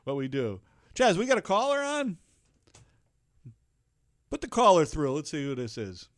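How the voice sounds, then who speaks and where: A man's voice: fairly high pitch, wildly swooping pitch, normal speed, no room sound, clean studio sound. A man hosting a casual radio talk show, teasing callers playfully and laughing often between his lines. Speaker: radio show host and chef. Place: radio studio.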